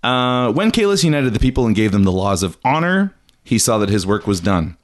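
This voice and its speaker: A man's voice: medium pitch, big pitch swings, a little fast. A man hosting a podcast, telling a story in casual chat and acting out jokey quotes. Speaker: podcast host.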